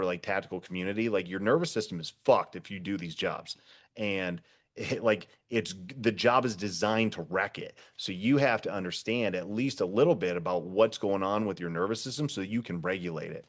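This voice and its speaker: A man with a very low voice talks in loose, rambling bursts full of fillers and restarts. He is blunt and swears casually in relaxed podcast conversation. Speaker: podcast guest, former first responder.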